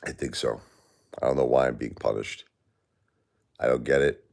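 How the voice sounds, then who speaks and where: A man's voice: a bass voice, fairly even intonation, moderate pace, gravelly, a little mellow. A grieving man hosting a live stream, talking in an aggrieved, plaintive, repetitive way and answering chat. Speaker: livestream host.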